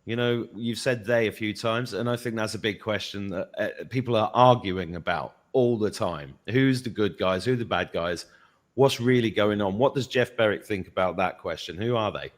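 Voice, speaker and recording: A man in an interview telling a lively anecdote in a casual tone, swearing freely. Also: on the low side, normal speed. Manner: animated anecdote-telling, swears, laughs through the story.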